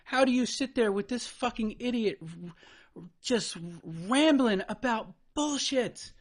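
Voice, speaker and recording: A man's voice: very high-pitched, lively intonation. A man giving a profane, incredulous commentary as he reacts to a debate clip, swearing and venting in disbelief. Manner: exasperated, incredulous, swearing, talks over paused clips.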